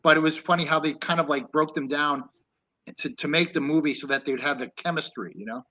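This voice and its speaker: Bright-voiced man chatting about films. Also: a little high, quick pace, dull audio. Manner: rambling, with many restarts and laughs. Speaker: co-host. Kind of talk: casual film discussion.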